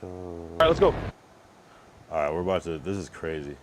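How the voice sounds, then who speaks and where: Deep-voiced, tipsy, profane male streamer. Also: very animated, moderate pace, noisy background. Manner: loose, profane, rambling commentary. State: tipsy from drinking. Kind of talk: casual late-night stream chat.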